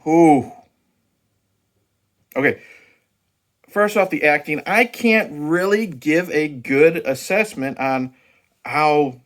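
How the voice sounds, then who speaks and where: A man's voice: a little high, fairly bright tone. Profane, rambling man reviewing a horror movie. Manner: rambling, profane, with frequent restarts and fillers. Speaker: movie review channel host.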